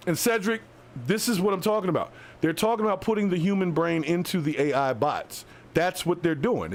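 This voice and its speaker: A man hosting a live podcast in loose, slangy casual talk, speaking straight to his listeners. His voice sits a bit higher than most men's and jumps around as he gets worked up. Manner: loose, animated, slangy delivery addressing listeners directly. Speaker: podcast host.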